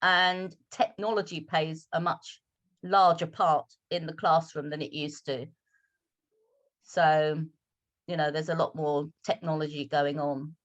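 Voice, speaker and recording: A British woman English teacher from London, speaking with a polished RP accent in measured, slowed speech on a video call. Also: deep voice, steady tone, highs cut off. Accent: British RP, London roots. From London, England. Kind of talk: online Q&A talk.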